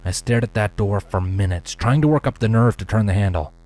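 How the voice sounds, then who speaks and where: Deep-voiced man reading a story. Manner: measured first-person narration, dropping to hushed whispers for dialogue. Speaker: narrator. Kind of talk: fanfiction audiobook reading.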